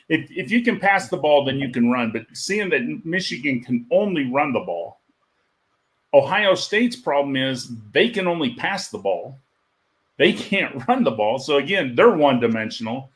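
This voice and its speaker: A man's voice: mid-range voice, big pitch swings, normal speed. A man giving blunt opinions in a casual college football chat, laughing as he talks. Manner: opinionated, laughs while talking.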